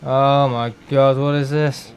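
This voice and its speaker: Male streamer, blunt, jokey, swears a lot, mid-pitched. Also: flat delivery, takes it slowly, clear, resonant tone. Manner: blunt, rambling, joking, swears freely. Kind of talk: live game stream chat.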